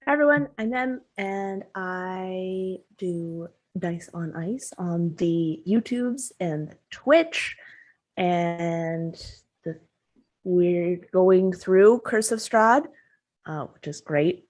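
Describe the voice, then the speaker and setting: A woman introducing herself as a player in a tabletop game, excitable and chatty. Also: on the low side, very slow. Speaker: player and content creator. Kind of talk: casual stream intro.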